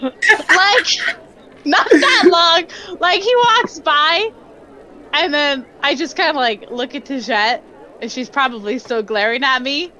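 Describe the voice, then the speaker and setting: High, bright giggly woman player. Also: slow pace, a little hiss or hum. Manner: giggly, hesitant with many fillers. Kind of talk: casual tabletop game chat.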